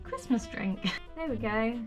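A woman's voice: on the high side, expressive, unhurried, low-quality recording. A woman vlogging in a casual, chatty way, laughing often while making coffee at home. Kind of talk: casual chat. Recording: music playing clearly behind.

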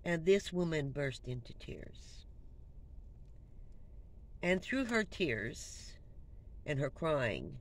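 A woman vlogger telling a personal story in a casual, conversational way, trailing off and restarting and dropping to a hush in the sad parts. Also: low voice, very animated, very slow, long pauses, rough recording. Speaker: van-life vlogger. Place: inside her van. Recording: clear ambient background noise.

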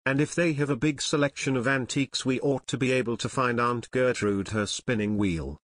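A man voicing an earnest teenage boy detective who talks in a calm, measured way. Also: mid-range voice, dry recording, lightly acted.

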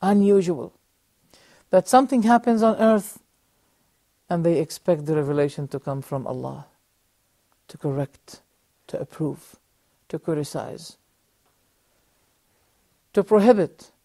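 A middle-aged man teaching a religious lesson on a TV program, telling a story earnestly with measured pauses and rhetorical questions, speaking straight to his audience. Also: on the high side, lively intonation, dark tone, no echo. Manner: addresses the audience directly. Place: TV studio.

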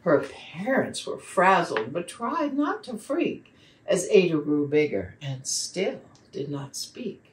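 Woman reading verse and a picture book to children, slow and expressive, lower voice, roomy distant sound. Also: slight background noise. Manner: slow, expressive read-aloud delivery. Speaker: children's program facilitator.

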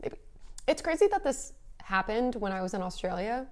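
A woman's voice: fairly high pitch, sing-song, moderate pace. A young woman co-hosting a casual eating show, telling stories in a chatty way with lots of fillers. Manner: chatty, filler-heavy storytelling. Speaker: co-host. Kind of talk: casual chat while eating.

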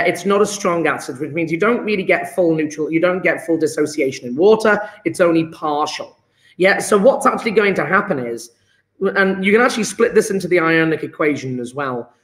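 A man's voice: high-pitched, a bit bright, reverberant. A man teaching a chemistry lesson online, encouraging and upbeat, cracking jokes with his students.

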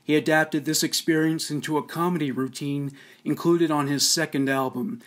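A man's voice: on the high side, fairly even intonation, normal speed. A man narrating a podcast in a plain, factual, scripted way. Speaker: podcast host.

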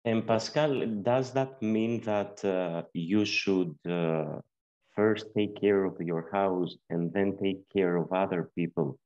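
A man's voice: low-pitched, fairly even intonation, takes it slowly, a little mellow, muffled recording. A man from southern Albania explaining proverb meanings in a casual group discussion, hesitant with many fillers. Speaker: panelist.

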